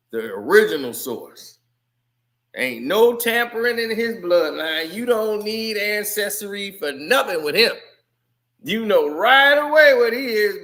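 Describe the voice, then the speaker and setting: A man giving casual, animated sports commentary on his channel, laughing often. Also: high voice. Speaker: YouTube commentator.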